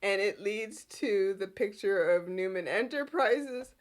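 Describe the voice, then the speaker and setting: A woman hosting a podcast and recapping a soap opera in casual, animated chat with frequent giggles. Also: mid-range voice, takes it slowly. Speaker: podcast host.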